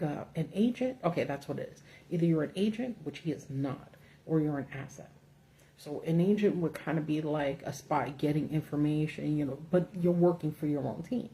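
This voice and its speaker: A woman's voice: sits low, dark tone, slight background noise. A woman hosting a casual livestream, ranting bluntly with profanity from notes at home under a ring light. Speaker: political commentary host.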